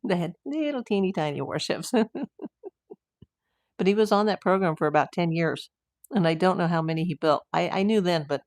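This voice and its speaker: Older American woman host, low-voiced, rambling, chatty livestream reads, close and dry. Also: lively intonation, moderate pace, long pauses, a little mellow, dry recording. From United States. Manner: chatty, rambling with asides and fillers. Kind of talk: casual livestream chat reading viewer comments.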